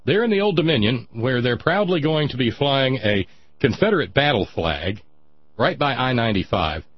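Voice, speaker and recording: A man hosting a sarcastic political commentary monologue, mocking and dry, with a husky voice. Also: medium pitch, lively intonation, normal speed, highs cut off. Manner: sardonic, mocking, dry asides.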